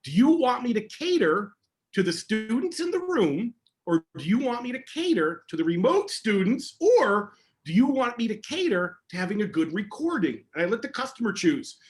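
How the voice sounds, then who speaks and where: Excitable high-voiced man, fast and animated. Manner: energetic and emphatic, excitable. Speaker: security educator answering audience questions. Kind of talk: casual online AMA talk.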